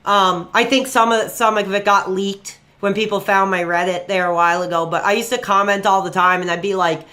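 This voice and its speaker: A man's voice: sits high, fairly even intonation, a little fast, bright, forceful tone. A young man streaming live and taking calls, rambling with fillers and flaring into angry rants at trolls. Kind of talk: live stream call-in chat.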